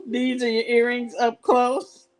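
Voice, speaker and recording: A woman's voice: on the high side, level tone, slow, faint music behind. A woman hosting a live jewelry sales show, chatting and laughing as she tells stories between items. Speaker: live shopping show host.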